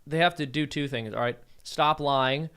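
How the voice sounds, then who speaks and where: A man's voice: on the high side, normal speed, a bit bright, clear, resonant tone. A man co-hosting a casual panel podcast, talking conversationally and explaining his points with asides. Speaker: podcast co-host.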